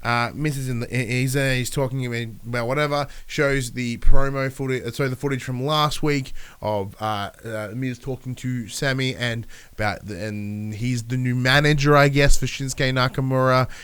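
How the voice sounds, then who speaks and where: A man's voice: medium pitch, steady tone, moderate pace, hardly any pauses, a bit bright, clean tone. A man hosting a podcast alone, feeling sick with a stuffy nose, rambling and swearing as he recaps the week. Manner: rambling, swears, acts out wrestlers' lines. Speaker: podcast host. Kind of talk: solo casual recap.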